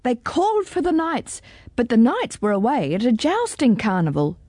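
A woman reading a children's storybook aloud in an expressive, deliberate way. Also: on the high side, no echo, clean studio sound.

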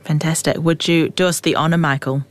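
A woman's voice: low voice, steady tone, fairly quick, slight background noise. A woman interviewing a guest in an attentive, encouraging way. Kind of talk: casual interview.

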